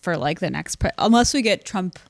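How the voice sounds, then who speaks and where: A woman's voice: on the low side, expressive, a little fast, creaky, dry recording. A woman co-hosting a podcast, chatting about politics in a wry, easygoing way. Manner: wry, easygoing, laughs readily. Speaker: podcast co-host. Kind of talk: casual political chat.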